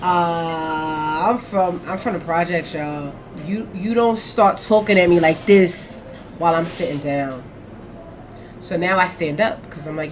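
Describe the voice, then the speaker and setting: A woman who works as a teacher tells a heated story in casual chat. She talks emphatically, rising loud and then dropping soft. Music plays clearly behind her. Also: lowish voice, normal speed. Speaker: podcast co-host.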